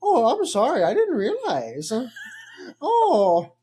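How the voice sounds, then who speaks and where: A man voicing a doddering old man with a transatlantic accent who acts innocent about shoplifting. He speaks in a slow, quavery, overly polite way. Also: extremely high pitch, huge pitch swings, warm tone, slightly rough, pitched above the performer's own voice, exaggerated voice. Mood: feigned innocence.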